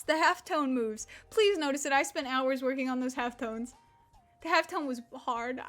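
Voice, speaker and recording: Chatting casually on stream, this roughly twenty-year-old Mississippi woman rambles, curses and laughs, her accent unusual and slack-jawed. She has a high, slightly bright voice and moves at a moderate pace.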